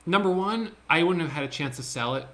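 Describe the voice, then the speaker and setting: A man who is a day trader, recapping his trades in a casual screen-share talk. He thinks aloud in an excitable way, with quick restarts. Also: on the high side.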